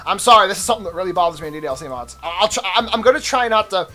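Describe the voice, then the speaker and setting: A man's voice: high voice, animated, rapid-fire, pushed and bright, soft background music. A young man hosting a let's play, chatting casually, laughing often, swearing and stopping to rant about the game.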